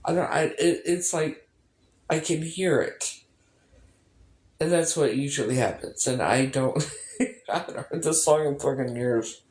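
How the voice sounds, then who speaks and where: A woman's voice: sits low, a little slow, pauses often, darkish tone. A woman vlogging in casual personal chat, rambling and emotional, swearing often. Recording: echoey room.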